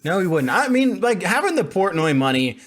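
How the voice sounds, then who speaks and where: A man's voice: high voice, big pitch swings, normal speed, fairly bright tone. A young man co-hosting a podcast, mocking and laid back in casual chat. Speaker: podcast co-host.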